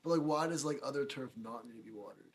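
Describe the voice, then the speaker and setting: A man's voice: mid-range voice, quick pace, slightly rough. A man hosting a podcast, asking curious, hesitant questions full of filler words. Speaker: podcast host. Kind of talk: casual interview questions.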